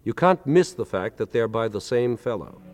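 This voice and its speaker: Lively-voiced man lecturing in a reverberant hall. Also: medium pitch, normal speed, soft background music. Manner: articulate, counts beats aloud with strong accents. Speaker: lecturer presenting with a band. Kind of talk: explanatory lecture with spoken demonstrations.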